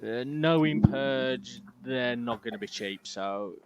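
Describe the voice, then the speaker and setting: A man's voice: mid-range voice, slow pace, a crowd in the background. A man on a panel show, chatting casually with dry, teasing remarks.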